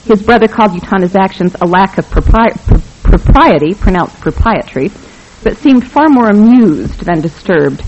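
A narrator reads a novel aloud with a wry, even delivery at a middle pitch. The recording is dull and lo-fi. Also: moderate pace, noisy background. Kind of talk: scripted audiobook narration.

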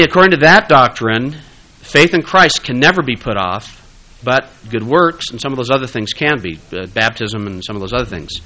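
A man's voice: medium pitch, sharp tone, poor audio. A man giving a conversational lecture-style talk, with frequent "uh" fillers, restarts and rhetorical questions.

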